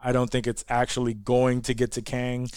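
A man's voice: mid-range voice, completely flat delivery, moderate pace, darkish tone, clean tone, dry recording, clean studio sound. A man co-hosting a casual podcast, rambling with many restarts and laughing easily. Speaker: podcast co-host. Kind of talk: casual chat.

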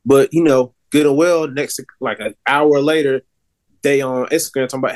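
A man's voice: medium pitch, moderate pace, a little mellow. A young man co-hosting a casual podcast, talking in a loose, rambling way with many fillers and restarts. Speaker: podcast co-host. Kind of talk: casual chat.

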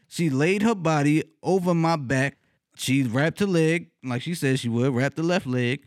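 A man casually telling a funny personal story, cursing freely, laughing often and leaping up in pitch when he retells his reactions. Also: a little slow, dry recording, studio quality. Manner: laughs often mid-sentence.

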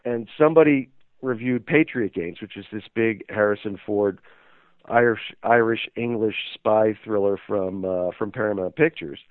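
A man's voice: on the low side, moderate pace, dry recording. A man telling a story as an interview guest, rambling and hesitant with many fillers. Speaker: interview guest, magazine owner. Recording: tinny phone line.

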